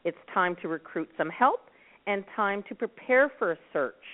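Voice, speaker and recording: A woman from Nova Scotia who founded a dog rescue network, calmly giving advice as a guest on a radio talk show. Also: mid-range voice, normal speed. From Nova Scotia, Canada. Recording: tinny phone line.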